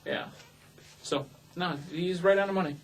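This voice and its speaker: A man's voice: high voice, moderate pace, crowd noise, rough recording. A man co-hosting a casual wrestling talk show, cutting in with blunt opinions and jokes. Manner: blunt interjecting quips. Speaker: co-host.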